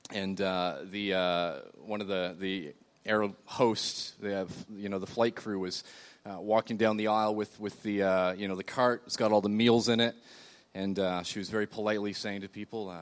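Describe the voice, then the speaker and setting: Speaking a little fast in a fairly low voice, this man is a pastor giving a sermon in church while seated. His delivery is loose and conversational, peppered with fillers and restarts.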